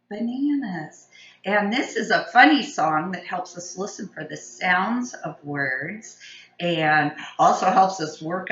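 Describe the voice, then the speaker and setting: A woman teaching a gentle, encouraging children's cooking lesson, talking directly to the kids. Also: lowish voice. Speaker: preschool teacher. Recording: echoey room, slightly dull lo-fi sound.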